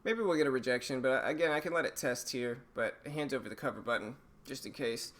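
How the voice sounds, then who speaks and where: Hoarse man thinking aloud over trades. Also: mid-range voice. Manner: thinking aloud, relaxed, halting. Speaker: stream host, day trader. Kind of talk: live trading commentary.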